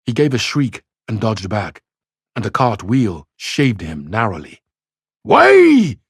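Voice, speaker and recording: A man's voice: lowish voice, lively intonation, unhurried, slightly rough, no room sound, studio quality. A Scottish man who reads a novel aloud and explains it for exam study, talking conversationally with frequent restarts. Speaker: English literature teacher.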